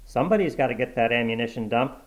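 Guy reading as a calm dreamy hero type, even and understated, low-key. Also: fast talker, natural voice. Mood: cool. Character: daydreaming middle-aged man, cool hero in fantasies.

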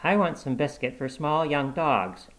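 A daydreaming middle-aged man speaks in calm, even, understated tones as a man reading the story plays him. It stays close to the reader's own plain voice in a storybook reading. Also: on the high side, a little slow, voice pushed up. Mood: vague.

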